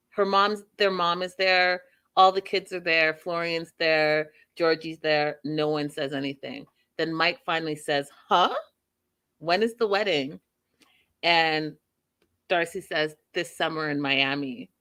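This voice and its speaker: Bright-voiced woman hosting a chatty recap. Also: sits low, fairly even intonation, measured pace, smooth. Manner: chatty, emphatic, addresses listeners directly. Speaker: podcast host recapping a reality show. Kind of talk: casual recap commentary.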